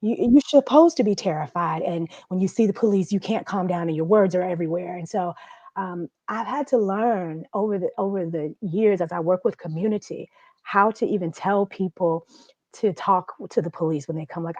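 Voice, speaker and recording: Woman, conference speaker, earnest and halting, lowish voice, dry muffled video-call sound. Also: no room sound. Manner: earnest, halting, with restarts and soft laughs. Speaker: guest speaker, domestic violence survivor. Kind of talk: personal testimony at a conference. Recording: dull, dry audio.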